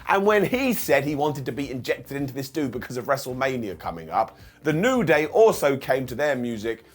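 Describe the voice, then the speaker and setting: A man's voice: medium pitch, big pitch swings, fairly quick. A man reviewing a wrestling show in a casual, sarcastic recap, acting out quotes in funny voices.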